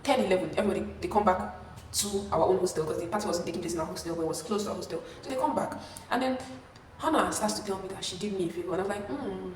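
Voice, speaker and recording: Animated young woman, echoey room. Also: very fast. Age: young adult. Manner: animated, acting out quotes with sudden pitch jumps. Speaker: vlogger. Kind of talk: storytime vlog. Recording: echoey room, far from mic, faint hiss.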